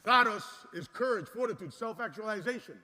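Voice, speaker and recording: A man giving an impassioned conference speech, exhorting the crowd and swinging between loud and soft. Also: high voice, animated, a little fast. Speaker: conference speaker. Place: large conference hall. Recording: long hall reverb.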